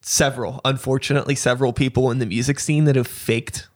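A man's voice: mid-range voice, fairly even intonation, fast talker. A man hosting a podcast in casual chat, rambling and leaning heavily on "like". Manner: rambling, heavy on filler "like". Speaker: podcast host.

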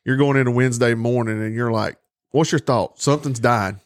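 A man's voice: medium pitch, fairly quick. A man chatting casually, often stopping and repeating words. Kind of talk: casual chat.

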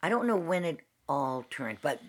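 A woman hosting a casual chat, telling stories from her past with quick asides and laughter. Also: low voice, big pitch swings. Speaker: host.

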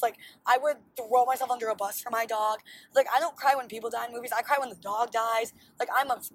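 A woman's voice: a little high, poor audio. A young woman in her twenties hosting a casual solo podcast, telling stories in a chatty, bubbly way full of "like". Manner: chatty and bubbly, heavy use of "like". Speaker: podcast host.

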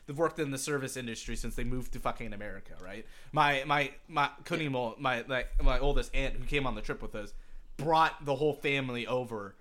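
A man's voice: medium pitch, a little fast, pushed and bright. A young man, a podcast co-host, casually rambling through a story with lots of swearing and restarts. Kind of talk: casual chat.

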